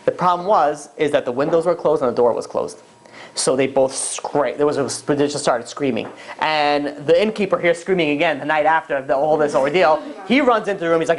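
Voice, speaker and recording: A rabbi telling stories to a class in a casual, rambling way, full of fillers and restarts. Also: male voice, a little high, brisk. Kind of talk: casual storytelling lecture.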